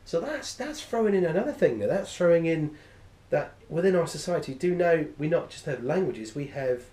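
A man's voice: on the high side, animated, moderate pace, warm tone. A man teaching a class, enthusiastic and rambling, often correcting himself mid-sentence. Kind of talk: classroom lecture. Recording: echoey room.

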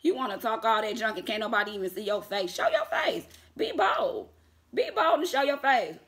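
A woman talks straight to her viewers in a casual vlog, chatty and quick to laugh. Her voice is bright and forward, and it turns sassy and defiant when she calls out her critics. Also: medium pitch, very animated. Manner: chatty, addresses viewers as y'all, laughs often. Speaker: vlogger.

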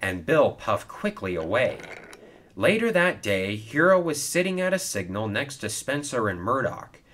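A man narrating a children's story, lively and expressive. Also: mid-range voice, measured pace, a little hiss or hum.

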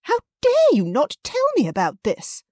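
A haughty older mother, pitched shrill and high above the reader's own register, bristling with affront, as a woman narrator puts her on. The storybook voice is close and dry. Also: wildly swooping pitch, normal speed, darkish tone, no room sound, exaggerated voice. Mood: indignant. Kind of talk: audiobook character voice.

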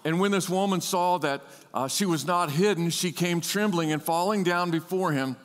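A man preaches a sermon to his congregation, animated, and gets them to repeat words with him. His voice sits a little higher than most men's. It rings with the long reverb of a large church hall. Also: normal speed. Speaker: pastor.

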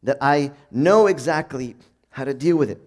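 A man preaching a sermon in a conversational way, reading from old sayings and acting out everyday moments in a bright, upbeat voice. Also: mid-range voice, expressive, moderate pace.

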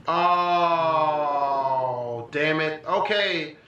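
A young man giving casual, profane, excitable reaction commentary on a vlog, often breaking into laughter. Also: a little high, drawn-out words, muffled recording. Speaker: vlogger. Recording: echoey room, far from the mic, faint music.

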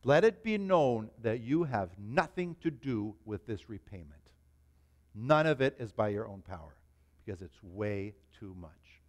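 A man voicing a generous, merciful king in a spoken parable, with a slow, reassuring delivery. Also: lowish voice, expressive, voice pushed down.

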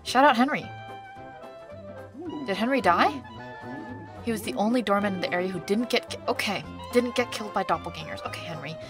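A young woman streaming a game, reading its text aloud and thinking out loud, often scattered and flustered, with lots of ums. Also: medium pitch, fast talker, over music. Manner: scattered and chatty, many ums, gets flustered; reads on-screen instructions in a mumbly undertone.

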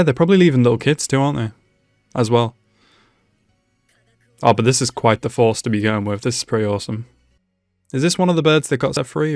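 Medium-pitched and gravelly, the man records in studio quality with no echo. He runs an anime reaction channel, chatting casually to the screen as he reacts live, laughing a lot and exclaiming excitedly.

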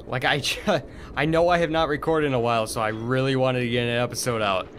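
A man's voice: mid-range voice, fairly even intonation, fast, fairly bright tone, a little hiss or hum. A young man giving gameplay commentary, frustrated and swearing as he mutters to himself. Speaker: gaming video host.

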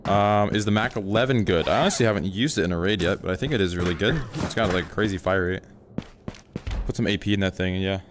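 Over background noise, a deep-voiced man speaks at a quick pace while streaming a game. He rambles casually to his teammate and viewers through a headset mic in relaxed livestream gaming chat.

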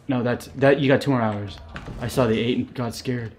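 A young man streaming a game live, reacting excitably, swearing and laughing at what happens on screen. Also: mid-range voice, normal speed, slight background noise. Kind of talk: live gameplay commentary.

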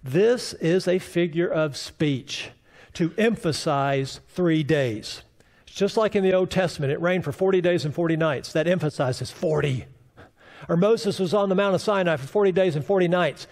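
A man's voice: high-pitched, darkish tone. A man preaching a sermon as pastor, building to fervent, rising declarations. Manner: preaching with rising fervor and mock voices of doubters.

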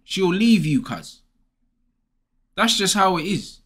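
A man's voice: sits high, sing-song, slow, a bit bright, slightly rough. A young man, ranting casually and bluntly with lots of slang as host. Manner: blunt, slangy, repeats "bro" and "bruv". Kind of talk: casual advice rant.

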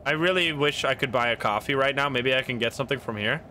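Excitable man streaming a game. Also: mid-range voice, fast talker, a little hiss or hum. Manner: excitable, swears and laughs, narrates his moves. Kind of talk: casual gameplay commentary.

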